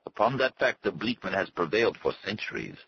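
A man's voice: sits low, sing-song, brisk, vocal fry, highs cut off, a little hiss or hum, pitched above the performer's own voice, exaggerated voice. A man voicing a sad, haughty native servant who speaks in formal, stately phrases. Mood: solemn. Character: solemn, haughty male native servant and guide. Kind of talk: audiobook character voice.

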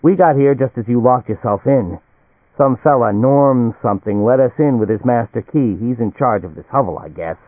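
A man's voice: mid-range voice, normal speed, no echo, natural voice. A man voicing a contemptuous, irritable male businessman who talks brusque and scornful. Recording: tinny, phone-like and dry.

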